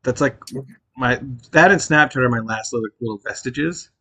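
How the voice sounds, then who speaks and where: A young man talks in a loose, rambling way, drifting from thought to thought and laughing easily. His pitch sits at an ordinary middle level. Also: normal speed, bright, forceful tone. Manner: chatty, rambling, laughs often. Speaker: podcast co-host. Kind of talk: casual chat.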